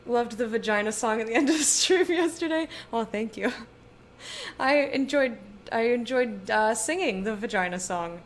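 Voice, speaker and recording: A woman's voice: fairly high pitch, animated, a little fast, few pauses, a little hiss or hum. A woman streaming a game in casual chat, giggly and loose and swearing now and then as she talks with her viewers.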